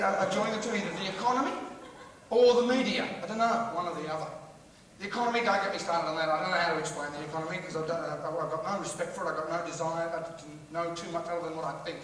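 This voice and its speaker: A man doing a rambling, sweary live stand-up rant and riffing with the crowd. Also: high-pitched. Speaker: stand-up comedian. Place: large theatre hall. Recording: echoey hall recorded from far off with loud noise.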